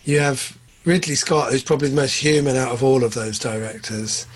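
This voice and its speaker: Excitable husky man. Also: fairly quick. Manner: excitable, jumps up in pitch when enthused. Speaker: podcast co-host. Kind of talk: casual film chat.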